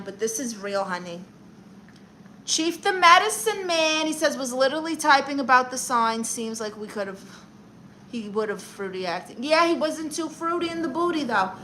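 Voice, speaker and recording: Casting: woman doing a vain, sassy self-styled therapist aunt for a comedy livestream. Bright, forceful tone and quick, boastful comebacks. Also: medium pitch, a little hiss or hum, low-quality recording. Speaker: livestream comedian reading chat. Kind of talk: in-character livestream chat.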